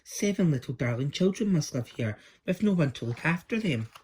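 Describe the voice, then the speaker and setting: A man voicing a sweet, kindly young princess who talks gently and fusses over others. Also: fairly high pitch, lively intonation, fairly quick, a little hiss or hum, pitched above the performer's own voice, lightly acted. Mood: fussing. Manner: gentle, fussing.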